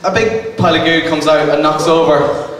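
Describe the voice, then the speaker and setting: A man's voice: fairly high pitch, steady tone, moderate pace, a crowd in the background. A man giving a comic lecture to a live audience, hesitant and self-mocking, full of ums and restarts. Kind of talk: stand-up style comic lecture. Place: arts centre venue with live audience. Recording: echoey hall recorded from far off, noisy.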